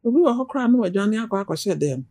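A woman who is a pastor's wife, chatting as a guest and telling lively stories with hushed asides. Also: medium pitch, rapid-fire, dry recording. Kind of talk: casual chat.

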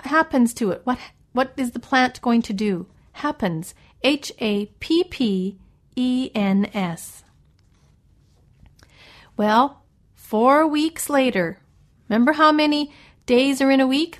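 A woman teaching English vocabulary in a patient, explaining way, spelling each new word out letter by letter as she goes through a story. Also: a little high. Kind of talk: slow vocabulary lesson around a read-aloud story.

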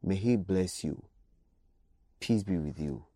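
A man's voice: low-pitched, slow, dark tone, dry recording, studio quality. A man preaching a radio sermon, exhorting his listeners with repeated direct appeals.

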